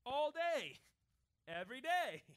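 A middle-aged man, a pastor, preaching a sermon in a conversational way, often adding "right?", and sinking to a quiet, intense voice for his key points. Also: very high voice, very animated, takes it slowly.

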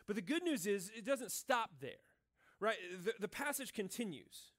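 High-voiced man preaching a casual sermon. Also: big pitch swings, normal speed, fairly bright tone. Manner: casual and earnest, filling speech with "like" and "right?". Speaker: pastor. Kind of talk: conversational sermon. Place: church.

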